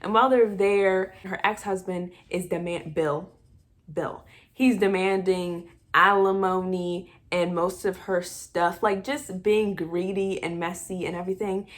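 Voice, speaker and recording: A woman's voice: fairly low pitch, unhurried. Chatty woman recapping a movie. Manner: animated, chatty, exasperated asides.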